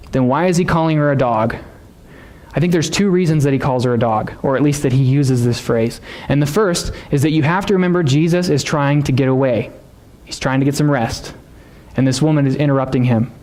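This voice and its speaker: A man's voice: medium pitch, a little mellow. A man preaching a sermon in a church, teaching in a conversational way and asking the congregation questions. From United States. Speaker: pastor. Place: church sanctuary.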